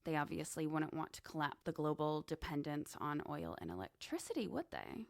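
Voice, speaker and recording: A woman's voice: low-pitched, wildly swooping pitch, brisk, gravelly, no room sound, studio quality. A woman hosting a podcast, musing in a casual monologue with conversational asides. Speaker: podcast host. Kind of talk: casual monologue on esoteric topics.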